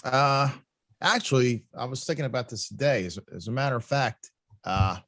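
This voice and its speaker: A man's voice: mid-range voice, moderate pace, a bit bright, dry recording. Guest musician, male, hesitant and searching for words, dry close mic. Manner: hesitant, full of fillers and restarts. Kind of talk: casual interview answer.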